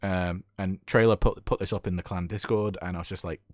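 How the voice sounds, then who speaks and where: A man's voice: low-pitched, steady tone, brisk, no room sound. A British man giving enthusiastic, chatty commentary over a gameplay replay as a gaming YouTuber.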